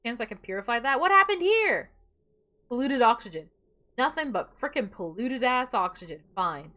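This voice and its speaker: A woman's voice: on the high side, a little fast, fairly bright tone. A woman streaming a game, chatting casually, muttering to herself and breaking into playful outbursts.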